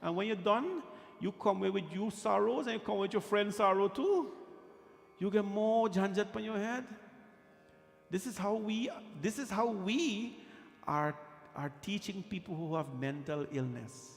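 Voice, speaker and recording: Speaking a little slowly in a high, gravelly voice, this pandit delivers a devotional katha sermon in a temple hall and repeats phrases to drive them home. Music plays under the long, echoing reverb of the hall.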